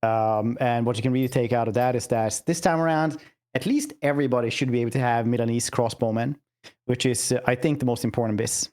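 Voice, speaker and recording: A man with a Scandinavian accent hosting a casual gaming podcast, deadpan and joking. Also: mid-range voice, quick pace. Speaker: podcast host.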